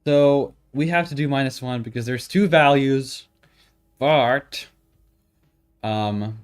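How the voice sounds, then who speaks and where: A man's voice: mid-range voice, slow, clean tone. A man talking to himself as he codes, muttering, swearing and grumbling in exasperation. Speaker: programmer streaming his work. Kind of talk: casual talk-aloud coding session. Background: keyboard typing and faint music.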